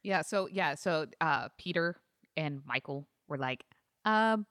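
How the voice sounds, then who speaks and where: A woman's voice: low voice, expressive, takes it slowly, fairly bright tone, no room sound, clean studio sound. A woman in a casual chat about an old movie, agreeing and chiming in with short remarks.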